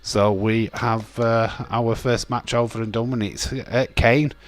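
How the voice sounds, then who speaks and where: A man's voice: medium pitch, fairly even intonation, unhurried. A man hosts a casual wrestling watch-along stream, joking with his chat, reading viewer comments aloud and laughing often. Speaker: livestream host.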